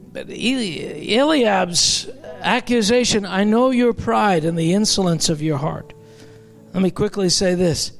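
Male pastor, sermon, very high pitch, conversational, joking asides. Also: gravelly.

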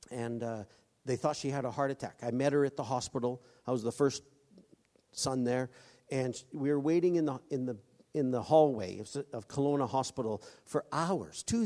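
A man's voice: mid-range voice, a little mellow. Preacher man in an echoing hall. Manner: halting, with many restarts and quoted voices. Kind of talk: sermon. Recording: long hall reverb.

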